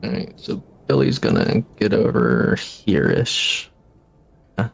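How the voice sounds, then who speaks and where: Deep, gravelly man, player, casual, lively intonation. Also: slow. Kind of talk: casual tabletop play.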